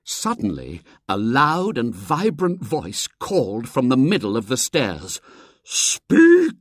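Narrator for a comic storybook: animated, swooping delivery, dead-dry booth sound. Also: a little slow, slightly rough, no room sound. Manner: lively, very expressive reading with wide pitch swings. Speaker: audiobook narrator. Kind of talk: storybook reading.

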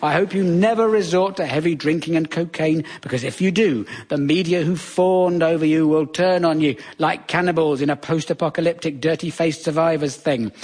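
A man's voice: fairly high pitch, normal speed, few pauses, darkish tone. A wry British man doing a sardonic stand-up comedy monologue in a conversational manner. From Britain.

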